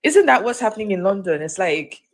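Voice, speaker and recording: A woman's voice: medium pitch, big pitch swings, fairly quick. A woman giving blunt opinions as a guest on a casual livestream chat. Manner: blunt, opinionated, asks to be heard out.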